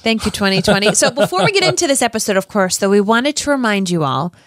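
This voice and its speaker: A woman co-hosting a podcast in casual chat, playful and quick to laugh. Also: mid-range voice, big pitch swings, no room sound, clean studio sound. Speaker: podcast co-host.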